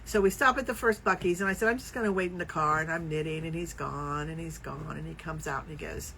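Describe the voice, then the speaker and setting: A woman co-hosting a casual knitting podcast, telling stories with lively acted-out quotes. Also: sits low, quick pace, low-quality recording. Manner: animated storyteller, acts out quoted voices. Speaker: podcast co-host. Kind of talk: casual chat.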